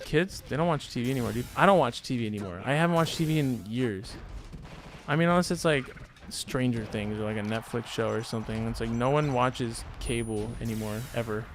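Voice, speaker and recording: A man's voice: mid-range voice, fairly quick, slight background noise. Casual rambling young man streamer. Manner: loose and rambling, heavy on fillers. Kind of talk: casual storytelling chat.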